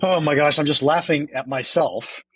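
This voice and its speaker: A man hosting a podcast in a casual interview chat, self-deprecating and quick to laugh, often repeating words when he gets excited. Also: a little high, faint music behind. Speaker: podcast host.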